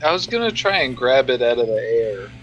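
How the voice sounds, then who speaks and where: A man's voice: medium pitch, sing-song, a bit bright, muffled recording, faint music behind. A man playing a tabletop game, eager and joking, swearing casually. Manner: eager, quick to joke and swear. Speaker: player.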